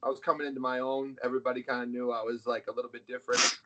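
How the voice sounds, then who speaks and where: A man's voice: mid-range voice, little pitch movement, very fast, sharp tone. Blunt middle-aged man telling a story. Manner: blunt, swears freely. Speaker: interview guest, arm wrestler. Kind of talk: casual storytelling. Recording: dull lo-fi sound.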